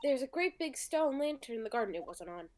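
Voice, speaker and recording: A woman's voice: high-pitched, big pitch swings, brisk, darkish tone, a little hiss or hum. A woman voicing a flustered young female witness in a game, hesitant and full of ums. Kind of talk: reading game dialogue aloud.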